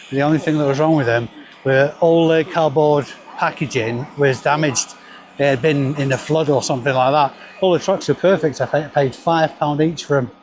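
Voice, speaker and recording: A man's voice: mid-range voice, a little mellow. A man with a Northern English accent, chatting and joking with sellers as he vlogs his way round an outdoor car boot sale. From North West England. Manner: chatty, jokey, bantering with sellers. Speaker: reseller vlogger. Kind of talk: casual vlog chat.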